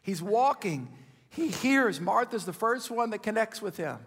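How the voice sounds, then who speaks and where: A man in his fifties preaching a sermon with impassioned urgency, dropping at times to hushed, intimate asides. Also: high-pitched, lively intonation, a little slow, breathy edge, in a large hall. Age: 50s. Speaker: pastor.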